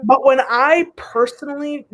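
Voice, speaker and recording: High-voiced woman chatting with lots of "like". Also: unhurried, a bit bright. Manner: talkative, heavy use of "like". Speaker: podcast co-host. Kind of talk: casual chat.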